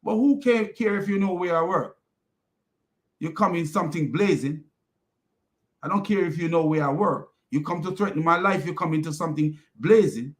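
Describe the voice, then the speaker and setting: A man's voice: a little high, normal speed. A man giving a heated, mocking commentary, laughing often and repeating himself. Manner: heated, repetitive. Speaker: online commentator. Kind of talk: casual ranting commentary.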